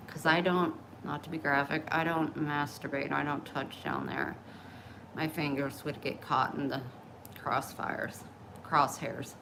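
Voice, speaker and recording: A woman's voice: deep voice, expressive, unhurried, vocal fry, noisy background. A middle-aged woman talking bluntly and openly in a casual vlog, oversharing about her personal life. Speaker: vlogger. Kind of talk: candid casual chat.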